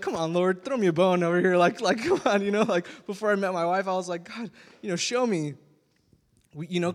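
A man, a youth pastor giving a casual, rambling sermon full of fillers and laughter. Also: high-pitched. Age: 20s. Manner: rambling, chatty, many fillers, laughs often. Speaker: youth pastor, worship leader. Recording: long hall reverb.

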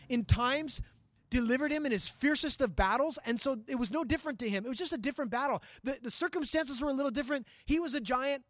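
A male pastor teaching a sermon in a conversational, animated way, acting out scripture and talking straight to his listeners. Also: very high voice, no room sound, studio quality. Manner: frequent restarts and asides to listeners.

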